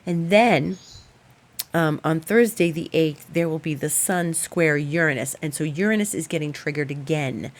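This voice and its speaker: A middle-aged woman with a low voice talks through her astrology forecast in a chatty, animated way. She tells stories with plenty of laughter and spoken asides. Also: normal speed. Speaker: astrologer host. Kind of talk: casual storytelling and astrology forecast.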